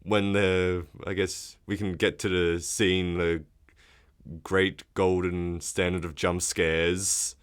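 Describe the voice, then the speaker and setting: A man's voice: deep voice, flat delivery, slow pace, clear, resonant tone. A man co-hosting a casual podcast who walks through film scenes and acts out quotes along the way. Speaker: podcast co-host. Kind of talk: casual chat.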